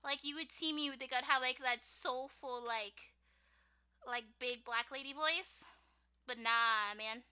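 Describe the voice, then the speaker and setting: A young woman with a squeaky voice chatting casually on a livestream while she draws, rambling with lots of "like" and frequent laughter. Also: a little slow, sharp tone, clear, resonant tone, highs cut off. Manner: rambling, full of "like", laughs often. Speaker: artist streaming her drawing work.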